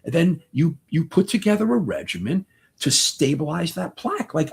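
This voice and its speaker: A man's voice: a little high, very animated, moderate pace, gravelly, slightly rough. A man in his sixties, a doctor hosting a live question-and-answer talk, speaking in an impassioned, rambling way and often restarting his sentences. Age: 60s.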